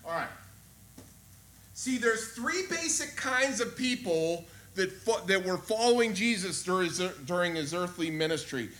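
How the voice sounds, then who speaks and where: A man preaching a sermon, conversational and animated, asking his listeners questions. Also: sits high, unhurried. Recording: echoey room with faint ambience.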